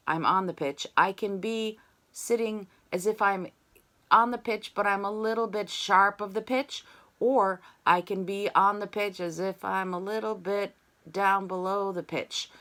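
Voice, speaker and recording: A woman's voice: medium pitch, steady tone, a little slow, a bit bright. A woman voice teacher giving an online singing lesson over a video call, explaining technique and singing short demonstration syllables.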